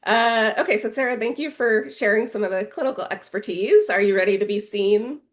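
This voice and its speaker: A woman's voice: medium pitch, a little fast. A woman hosting a podcast interview, affirming her guest often and asking open questions. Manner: warm affirming, frequent agreement. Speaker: podcast host.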